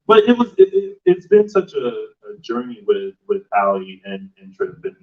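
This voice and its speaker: A man hosting a casual live interview, asking questions in a halting way full of fillers. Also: fairly low pitch, sing-song. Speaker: podcast host interviewing guests. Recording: muffled live stream audio, distant mic.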